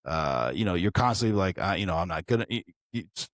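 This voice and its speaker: A deep-voiced man gives earnest advice in a relaxed podcast chat. He thinks aloud and often restarts his sentences. The sound is dry and close to the mic. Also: quick pace, no echo. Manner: earnest, reflective, with frequent restarts. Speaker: podcast co-host. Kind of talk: candid casual chat.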